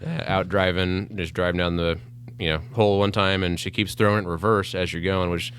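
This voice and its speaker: A man's voice: deep voice, fairly quick, clean tone. A man, a guest on a podcast, chatting casually and telling stories with fillers and laughs. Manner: relaxed storytelling with fillers and laughs. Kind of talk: casual chat.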